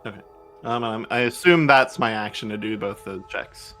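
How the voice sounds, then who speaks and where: Bright-voiced man, hesitant player. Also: fairly low pitch, moderate pace, faint music behind. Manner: hesitant, corrects himself. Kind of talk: casual tabletop play.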